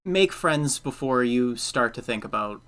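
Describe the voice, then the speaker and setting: A man's voice: mid-range voice, expressive, measured pace, fairly bright tone. A young man hosting a casual podcast chat, giving earnest advice with lots of filler words. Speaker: podcast host.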